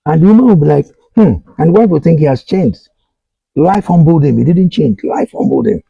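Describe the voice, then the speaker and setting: Speaking straight to his audience, this middle-aged Nigerian talk-show host gives earnest advice in a monologue, going over his points again and again. He has a fairly high, expressive, brisk voice that is creaky and slightly rough, captured dry with phone-quality sound.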